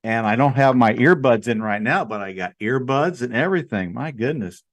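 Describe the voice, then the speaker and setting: A man's voice: medium pitch, expressive, a little fast. A man calling into a livestream as a guest, rambling and repeating himself. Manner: repeats and restarts words, rambling. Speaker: guest caller. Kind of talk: casual call-in chat. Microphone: home desk mic.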